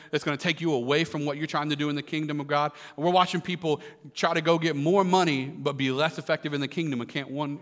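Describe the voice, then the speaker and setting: Joking pastor preaching in a reverberant hall. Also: male voice, a little high, fairly bright tone. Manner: conversational preaching with humor and asides to the congregation. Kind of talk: live sermon. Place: church sanctuary.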